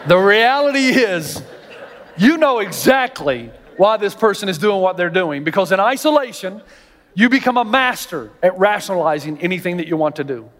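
A man preaching a sermon as pastor, telling stories in an animated way and acting out the voices of the people in them. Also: sits high, normal speed, in a large hall. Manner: animated storytelling, acts out quoted voices.

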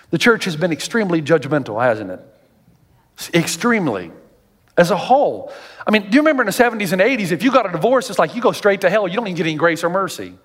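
A man with a high voice preaches to a congregation, in an animated storytelling manner with acted-out quotes. His voice rings with a long hall reverb, as in a big church auditorium. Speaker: pastor. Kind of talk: sermon.

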